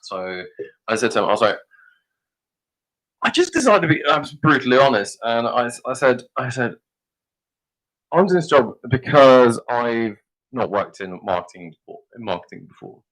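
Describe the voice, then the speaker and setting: A man's voice: low-pitched, a bit bright, low-quality recording. A young British man telling a rambling story on a podcast, full of fillers and swearing. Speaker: podcast guest. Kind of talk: casual storytelling chat.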